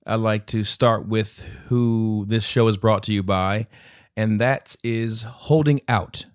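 A man's voice: on the low side, steady tone, takes it slowly, clear, resonant tone, dry recording, studio quality. A man co-hosting a podcast, chatting casually about a film and joking about his own slip-ups. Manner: joking, laughs at own slips. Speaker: podcast co-host. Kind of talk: casual movie review chat.

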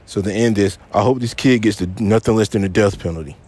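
Speaking fast in a low-leaning, slightly mellow voice, a man hosts his own podcast alone and rants. Upset and frustrated, he's angry and profane, circling back to the same points for emphasis.

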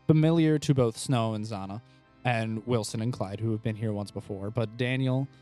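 A man hosting a tabletop game podcast, narrating the scene for his players in an easygoing way with frequent filler pauses. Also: lowish voice, mellow, faint music behind. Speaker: game master and podcast host.

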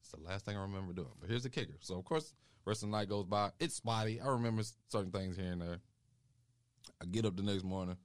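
A young man co-hosting a podcast, telling a story in a casual, animated way and acting out the people he quotes. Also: quick pace, dry recording, clean studio sound. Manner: animated storytelling, acts out quotes with rising pitch. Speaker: podcast co-host.

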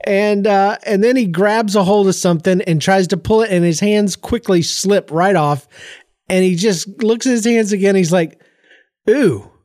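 A congested middle-aged man hosting his podcast, telling family stories in an animated, jokey way, often voicing the people in them. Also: sits high, moderate pace, no echo, studio quality. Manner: animated, jokey storytelling with laughs and voiced quotes. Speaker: podcast host. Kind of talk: casual solo podcast storytelling. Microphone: close podcast microphone.

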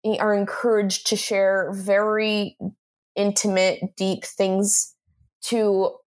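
A woman's voice: mid-range voice, slow. Laughing woman recapping a show. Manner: animated storytelling, laughs often, swears. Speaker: podcast co-host. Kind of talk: casual chat.

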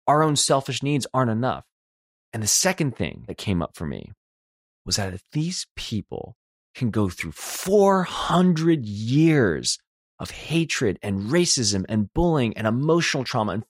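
A man's voice: medium pitch, no room sound, studio quality. A young man from Los Angeles hosting a podcast, telling a personal story in an earnest, reflective way. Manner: earnest, reflective, voices quoted people himself. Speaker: podcast host.

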